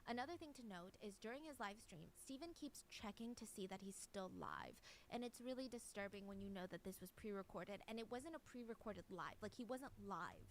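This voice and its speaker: A woman's voice: medium pitch, lively intonation, brisk, few pauses, a little hiss or hum, low-quality recording. Chatty true crime narrator woman. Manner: chatty and conversational, with side notes.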